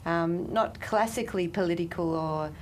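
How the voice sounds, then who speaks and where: A woman with an Australian accent, an interview guest, speaking softly and hesitantly with many fillers. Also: lowish voice, moderate pace, a little hiss or hum.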